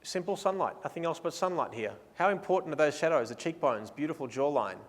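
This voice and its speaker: A man's voice: fairly high pitch, animated, fast talker, long reverb tail. An Australian man presenting a photography seminar in a casual, enthusiastic, playful way, mixing talk with live posing directions.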